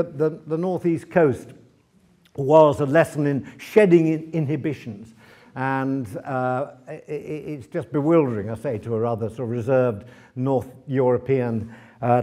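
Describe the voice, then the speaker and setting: A man speaking as a guest author at a library event, telling lively travel anecdotes to an audience, with many fillers and restarts. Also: mid-range voice. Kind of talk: anecdotal talk to a live audience.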